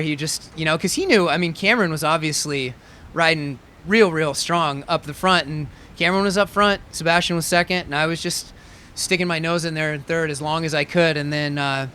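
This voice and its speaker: Bright, clear-voiced male athlete guest. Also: a little high, steady tone, a little fast. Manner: easygoing, frequent fillers and laughs. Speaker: pro triathlete guest. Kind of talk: casual interview.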